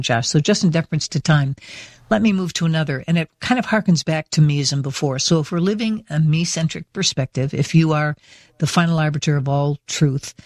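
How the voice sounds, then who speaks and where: A man's voice: a little high, dry recording, studio quality. A man hosting a radio interview, talking enthusiastically and at length in a sincere way. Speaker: radio host. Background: faint music near the end.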